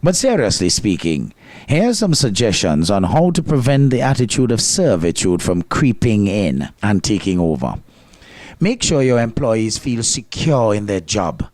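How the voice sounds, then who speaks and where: A man's voice: fairly low pitch, big pitch swings, moderate pace, a little mellow, no echo. A man with a Grenadian accent hosting a program, delivering scripted commentary with a wry, lightly sarcastic edge. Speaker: host.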